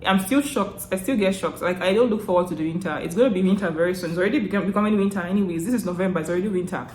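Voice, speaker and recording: A young woman from Nigeria with a Nigerian accent, telling stories to camera in a chatty, animated way, often laughing and restarting her sentences. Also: fairly low pitch, very fast, roomy sound, a little hiss or hum. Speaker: vlogger. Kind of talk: casual storytelling to camera.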